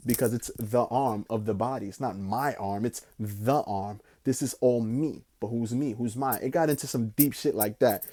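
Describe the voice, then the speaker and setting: A young man casually telling a rambling story, slangy and profane, drifting between slow musing and excited bursts. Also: medium pitch. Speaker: podcast host.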